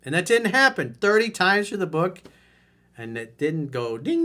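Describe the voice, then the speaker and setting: Male dating coach, fairly high voice, animated and blunt, reading out viewer mail. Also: moderate pace. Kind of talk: reading and answering a viewer letter.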